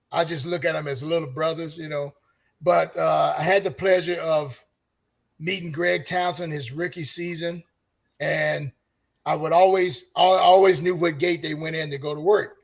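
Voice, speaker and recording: An older man with a high voice telling earnest stories as a guest on a fan roundtable. He ends up preaching a little, handing out encouragement. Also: fairly even intonation, a little slow, creaky. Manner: earnest, preachy, gives advice. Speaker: guest, longtime super fan. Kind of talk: casual storytelling.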